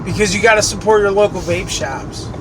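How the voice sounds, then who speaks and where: Late 30s american guy with a high voice, cussing and venting while he drives, loud road noise. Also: a little fast. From United States. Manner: angry, swearing rant. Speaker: vlogger. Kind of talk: ranting vlog while driving. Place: inside a moving car. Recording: road and engine noise from a car.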